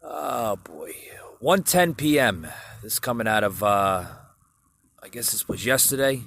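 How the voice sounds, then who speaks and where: A man's voice: mid-range voice, animated, unhurried, gravelly, a bit bright. Rambling man hosting a solo podcast. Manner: rambling, many fillers and restarts, addresses folks. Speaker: podcast host. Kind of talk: casual solo podcast commentary.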